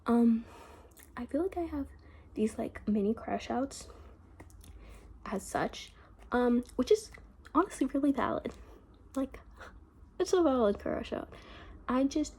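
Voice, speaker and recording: A teenage girl rambles through a casual diary vlog, dropping "like" constantly and often half-whispering. Her voice sits a touch high but sounds mellow, with a husky, breathy grain and lots of vocal fry. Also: a little slow, pauses often. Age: teens. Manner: rambling, chatty, full of "like" fillers. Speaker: vlogger. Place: her bedroom. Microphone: phone.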